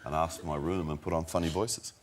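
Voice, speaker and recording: A man telling an interview anecdote, halting and laughing as he talks. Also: low voice, fairly even intonation. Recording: loud background noise.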